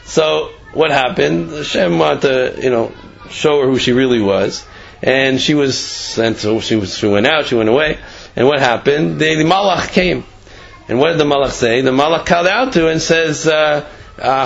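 Conversational male Torah teacher with a husky voice who acts out the story's characters. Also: a little high, moderate pace, lo-fi sound. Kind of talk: Torah class with a told story.

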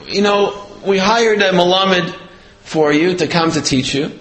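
Poor mother in tears, voiced by a man, high and strained, roomy sound. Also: unhurried, fairly bright tone. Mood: tearful. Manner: tearful, pleading. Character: poor distraught mother, weeping bitterly. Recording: roomy echo.

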